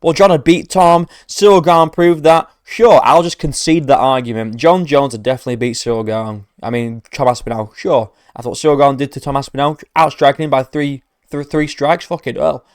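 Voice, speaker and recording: A man's voice: medium pitch, fairly quick, few pauses, dry recording. Man, sarcastic ranting commentary, profane, mocking, dead-dry sound. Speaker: MMA commentator reacting to a trailer.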